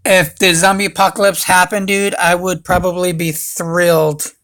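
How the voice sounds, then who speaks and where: A man's voice: high-pitched, level tone, moderate pace, sharp tone. Rambling guy on a livestream. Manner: rambling, profane, says dude a lot. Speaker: livestream host. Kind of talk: casual livestream chat.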